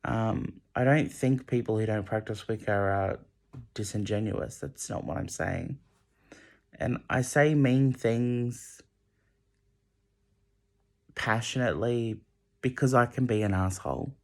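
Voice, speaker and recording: A young man vlogging a late-night rambling monologue, emotional and halting, often restarting his sentences. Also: lowish voice, gravelly, a little mellow. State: emotional, close to tears.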